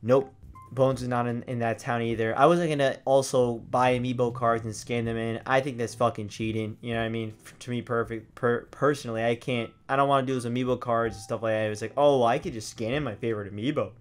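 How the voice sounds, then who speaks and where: A young man hosting a gaming vlog, telling a story in a loose, swearing way and acting out his old reactions with sudden loud, high bursts. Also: fast, soft background music. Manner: animated, swears freely, acts out his past reactions in loud high outbursts. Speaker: gaming video host.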